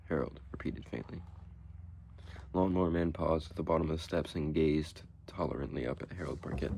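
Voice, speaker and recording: A man narrating a short horror story as an audiobook reading, in a steady, measured way. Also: rumbling low, gravelly, slight background noise.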